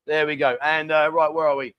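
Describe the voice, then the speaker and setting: High-voiced chatty male stream host. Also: little pitch movement, brisk, clear, resonant tone, no echo, muffled recording. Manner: reads out viewer comments, chatty and jokey. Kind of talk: casual live stream chat.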